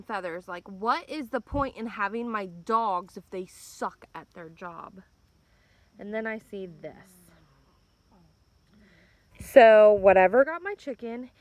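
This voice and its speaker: A woman vlogging outdoors by her chicken pen near the woods, talking casually and angrily with some swearing, filmed on a handheld phone. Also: medium pitch. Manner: angry and upset, swears, keeps saying "bam". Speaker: farm vlogger. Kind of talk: casual walk-and-talk vlog.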